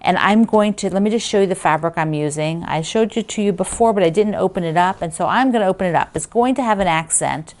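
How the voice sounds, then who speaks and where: Woman, quilting vlog host: chatty and rambling, gushing over fabric, somewhat low voice. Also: fast talker, hardly any pauses, a little mellow. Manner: chatty, enthusiastic, rambling with fillers. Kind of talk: casual chat.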